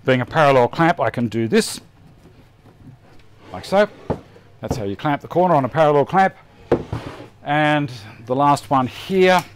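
His voice sits a little high and stays expressive, moving at a measured pace with long pauses against slight background noise. He's a middle-aged Australian presenting a live woodworking show, chatty and self-deprecating as he reasons aloud over the bench.

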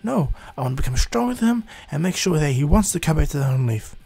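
A man's voice: a little high, sing-song, quick pace, creaky, dark tone, breathy edge, faint music behind, pitched above the performer's own voice, exaggerated voice. A man voicing a brooding, stubborn teenage boy ninja, cold and clipped, in a fan-made story. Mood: determined.

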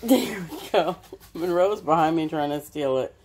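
A woman's voice: low-pitched, normal speed, a little mellow, slight background noise. A woman in her home kitchen, chatting to her dogs in a sing-song, doting voice. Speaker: dog owner.

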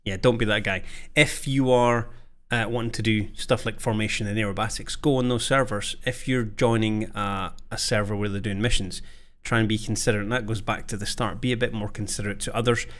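A man, a fighter controller, relaxed and self-deprecating as he comments on his old video. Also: fairly low pitch, brisk.

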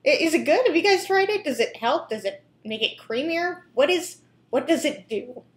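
A woman's voice: high-pitched, animated, normal speed, reverberant. A young woman hosting a reaction video, chatting casually with lots of fillers, restarts and giggles.

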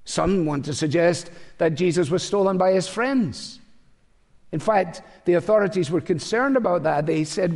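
A man's voice: high-pitched, normal speed, gravelly, darkish tone. An older man preaching a sermon to a congregation, talking conversationally and slipping in wry, humorous asides. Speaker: pastor. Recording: long hall reverb.

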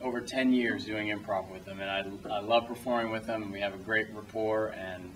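A man's voice: lowish voice, fairly even intonation, fairly quick, fairly bright tone, distant mic, slight background noise, poor audio. A young man answering audience questions after a film screening, telling loose anecdotes, restarting sentences and laughing often. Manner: rambling, self-interrupting, laughs often. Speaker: filmmaker at a screening Q&A. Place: cinema auditorium, small audience.

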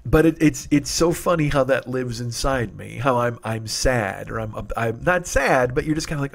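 A man's voice: mid-range voice, lively intonation, normal speed, creaky, hardly any pauses. A man in his forties hosting a comedy podcast, delivering a rambling, profane, nostalgic comic monologue. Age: 40s.

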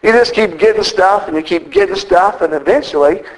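A man's voice: high voice, fairly quick, low-quality recording. A man preaching a sermon as the church's minister, folksy and joking.

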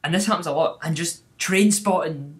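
A man's voice: on the high side, a bit bright. A man in his twenties with a Scottish accent, chatting casually and enthusiastically as a podcast co-host. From Scotland. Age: 20s. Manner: chatty and enthusiastic, quick laughs. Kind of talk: casual chat.

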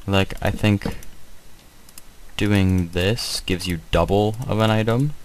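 A man giving casual, hesitant commentary while showing a game mod, with many pauses and fillers. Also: lowish voice, steady tone, a little hiss or hum, low-quality recording. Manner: hesitant, many ums, rambling.

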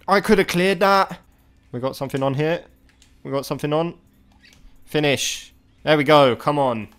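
A man giving live gameplay commentary to his chat, often exasperated and swearing in loud outbursts. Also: a little high, normal speed, pauses often, clean tone. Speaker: gaming video creator.

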